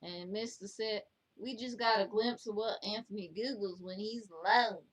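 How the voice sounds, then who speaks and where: A woman reads viewer comments aloud as co-host. She talks in sassy, scolding banter at a medium pitch. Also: normal speed. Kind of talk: casual chat.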